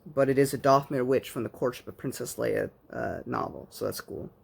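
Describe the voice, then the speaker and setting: A man's voice: medium pitch, brisk, creaky, breathy edge. A man giving a casual spoken book review, rambling like an enthusiastic fan with plenty of fillers.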